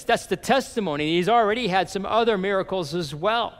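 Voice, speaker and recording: A man preaching a sermon as a pastor, reading and paraphrasing scripture with animated emphasis. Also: sits high, a little fast, few pauses, in a large hall.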